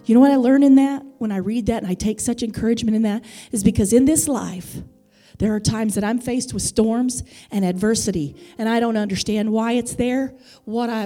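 A woman's voice: on the high side, mellow. A woman preaching a sermon with fervent, building emphasis.

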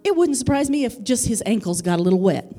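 A woman's voice: fairly high pitch, sing-song, quick pace, dark tone, soft background music. A woman preaching a sermon with fervent, building emphasis.

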